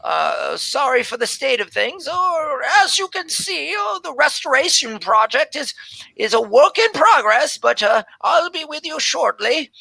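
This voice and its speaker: A man's voice: extremely high pitch, sing-song, a little slow, vocal fry, bright, forceful tone, no echo, voice pushed up, full character voice. A man voicing an ancient, nimble elven woman scribe who stammers and calls people dearie. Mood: flustered.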